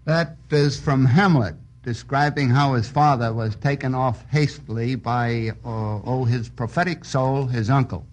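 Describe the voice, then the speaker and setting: A man's voice: mid-range voice, unhurried, few pauses. A man on a radio quiz panel, answering thoughtfully with some hesitation. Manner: thoughtful, hesitant, searching for words.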